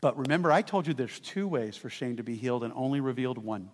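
A man preaching a sermon as pastor, telling stories with lively asides to the congregation. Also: mid-range voice, quick pace, big-room sound. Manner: animated storytelling with asides to the congregation.

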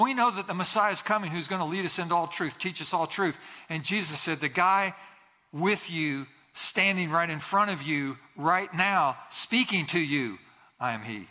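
High bright-voiced man preaching in a hall. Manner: earnest, repeats phrases for emphasis, acts out quoted voices. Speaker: pastor. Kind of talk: sermon. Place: church sanctuary. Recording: long hall reverb.

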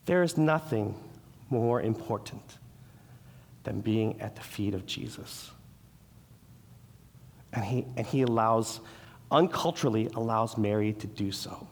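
A man's voice: on the low side, a little slow, long pauses. A man preaching a sermon as pastor, earnest, restarting his words and acting out the quoted voices. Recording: long hall reverb.

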